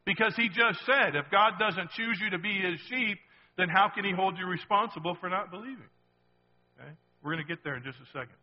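A man's voice: high-pitched, fairly quick, in a large hall, muffled recording. A man preaching a sermon as pastor, emphatic and repetitive, often checking in with the congregation.

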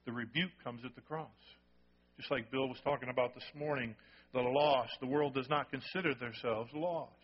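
A man's voice: medium pitch, moderate pace, slightly rough. A man preaching a sermon as pastor, emphatic and repeating his key phrases, often checking in with the congregation. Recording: dull recording in a reverberant hall.

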